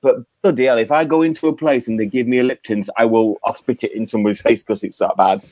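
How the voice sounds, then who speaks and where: A British man chats as a podcast guest, giving blunt opinions with a joking edge. His voice sits at a middling pitch. The sound is close and dry. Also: fairly even intonation, fast talker, a little mellow, dry recording. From Britain. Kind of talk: casual podcast interview.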